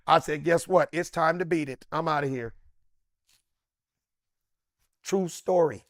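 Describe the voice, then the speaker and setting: A middle-aged man, a comedian, telling a story with excitable swings into loud, high bursts. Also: measured pace, no room sound, studio quality. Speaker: comedian guest. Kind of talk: animated storytelling.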